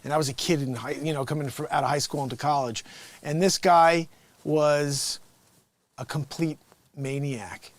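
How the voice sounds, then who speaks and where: A man's voice: a little high, fairly even intonation, moderate pace. A man hosting a livestream, chatting casually and jokingly about a Bible reading, laughing often. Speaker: livestream host.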